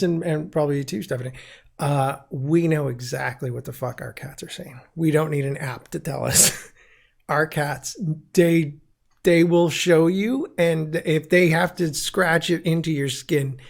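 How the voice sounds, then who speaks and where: Gravelly man hosting a jokey chat. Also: a little high. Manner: laughing often, animated with quick impressions. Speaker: host. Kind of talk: casual panel chat.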